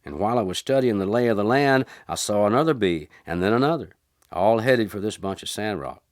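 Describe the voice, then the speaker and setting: A man's voice: on the low side, lively intonation, a little fast, no echo, clean studio sound, close to an everyday voice. A man voicing an easygoing, tough desert drifter in a folksy drawl. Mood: easy.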